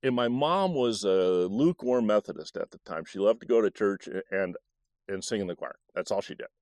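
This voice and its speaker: A middle-aged man tells a story from his own childhood, his pitch rising and falling in a lively, animated sweep. He recalls it haltingly, restarting phrases often, and the recording is dry and close, with no room sound. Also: no echo. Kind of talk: personal storytelling.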